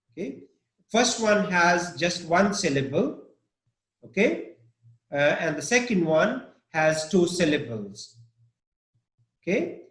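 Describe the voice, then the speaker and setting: Guy teaching pronunciation, super slow, lots of uh and okay, echoey room. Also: on the high side, a bit bright. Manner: slow, halting, many fillers and "okay?" checks. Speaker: English teacher. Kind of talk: live pronunciation lesson.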